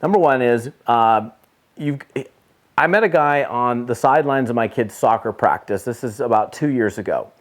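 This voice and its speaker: A man's voice: medium pitch, animated, moderate pace. A middle-aged man, a network marketing trainer, telling a story to camera in a casual motivational talk and repeating points for emphasis.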